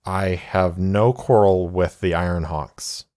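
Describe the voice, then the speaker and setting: A man's voice: deep voice, steady tone, slow pace, darkish tone, no room sound. Brief: earnest, nervous young herald, a man doing him, dry close sound. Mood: wary. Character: young male herald, wary and pleading.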